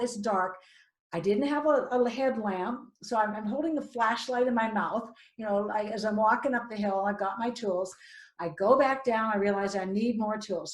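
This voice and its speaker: A middle-aged woman co-hosting a talk show, telling a personal story in a lively way and acting out what she said back then. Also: a little high. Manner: animated, self-quoting, restarts mid-sentence. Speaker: co-host. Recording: roomy echo.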